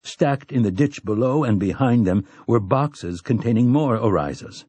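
A man reading a novel aloud in a measured, even narration. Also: mid-range voice, slightly rough, dry recording. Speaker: audiobook narrator. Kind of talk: scripted narration.

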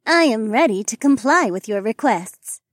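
A man's voice: sits high, expressive, normal speed, fairly bright tone, dry recording, clean studio sound, pitched above the performer's own voice. A man voicing a polite female AI assistant in an audiobook, speaking formally and addressing the listener by full name. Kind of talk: audiobook narration.

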